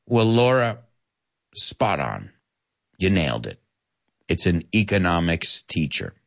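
A man's voice: deep voice, takes it slowly, vocal fry. A man teaching English in a live lesson, reading out viewer comments and correcting them with a laugh. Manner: animated, laughing, switching between English and Spanish to explain.

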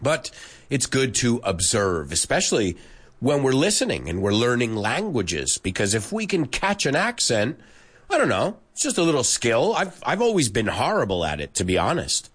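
Chatty male teacher, lively voice. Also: medium pitch, moderate pace, breathy edge. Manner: chatty, laughs often, switches into Spanish. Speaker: English teacher for Spanish speakers. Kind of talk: casual online lesson.

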